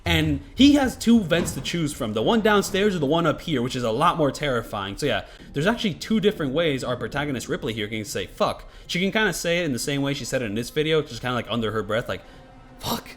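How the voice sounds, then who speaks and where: A man's voice: on the high side, big pitch swings, quick pace, few pauses. A man giving casual, rambling gameplay commentary, swearing freely and filling his talk with "like" and "you know". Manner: rambling, profane, lots of fillers. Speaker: gaming commentator.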